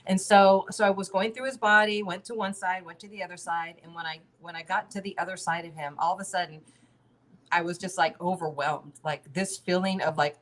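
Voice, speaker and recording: Casting: middle-aged woman, lowish voice, rambling and chatty, laughs a lot, video-call audio. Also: steady tone, a little fast, a bit bright. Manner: chatty, many fillers and restarts, laughs often. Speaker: interview guest. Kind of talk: casual conversational storytelling.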